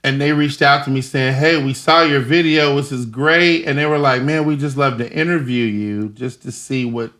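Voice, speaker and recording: A young man being interviewed, telling animated stories and acting out the voices of people in them. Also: mid-range voice, normal speed, few pauses. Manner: animated, laughing, acts out voices in his stories. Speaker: guest. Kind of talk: casual storytelling interview.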